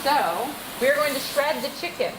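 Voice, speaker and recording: A woman walks viewers through an easy recipe in a relaxed, chatty way. Her slightly high voice rises and falls a lot as she explains. The room is echoey, with clear background noise. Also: normal speed. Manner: chatty, instructive, giggly. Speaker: cooking show host. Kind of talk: casual cooking demonstration.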